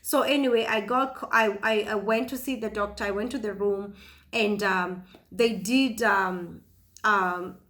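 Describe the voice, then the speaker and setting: Woman, 30s, vlogger recounting her own story; bright tone, starts and restarts often. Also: mid-range voice, steady tone. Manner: halting, many fillers and restarts. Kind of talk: personal storytelling.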